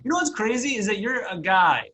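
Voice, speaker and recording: High, bright-voiced teasing man. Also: very animated, a little fast. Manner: laughing, teasing. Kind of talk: casual chat.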